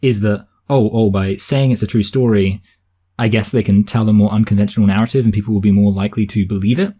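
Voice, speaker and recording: A man's voice: fairly low pitch, steady tone, fast, mellow, slightly rough. A man with a southern English accent co-hosting a casual film review podcast, thinking aloud and restarting his sentences as he goes. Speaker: podcast co-host reviewing films. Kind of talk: casual chat.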